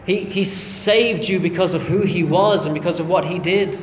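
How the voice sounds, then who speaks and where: A man's voice: high voice, moderate pace, a little hiss or hum. A man preaching a sermon, earnest and emphatic, calling his listeners friends. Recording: echoey hall with long reverb, faint ambience.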